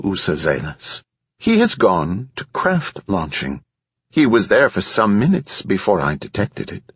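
A man's voice: fairly low pitch, breathy edge, no room sound, heavily acted. A man voicing a fussy, formal flying AI. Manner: precise, polite, slightly fussy. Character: calm formal flying AI drone, genderless. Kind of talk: audiobook character voice. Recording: slightly dull lo-fi recording.

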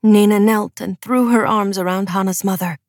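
A woman's voice: mid-range voice, steady tone, normal speed, darkish tone, no echo, studio quality. A woman narrating an audiobook with emotive, dramatic delivery. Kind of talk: scripted narration.

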